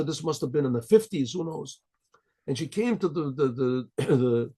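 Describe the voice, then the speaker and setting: A man's voice: a little high, dark tone. A rabbi telling a story in a rambling, chatty way, chuckling as he goes.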